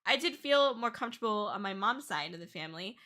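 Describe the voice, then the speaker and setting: A young Canadian VTuber streams live, casually reading chat and thanking viewers. Tearful and shrieking with excitement, she talks fast in a medium-pitched, expressive voice with a sharp tone.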